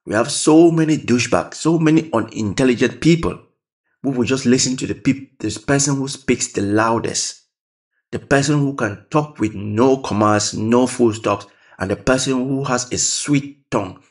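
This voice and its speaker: A man's voice: medium pitch, moderate pace. A man hosting a reaction video, talking casually and repeating phrases for emphasis. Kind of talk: casual commentary over a clip.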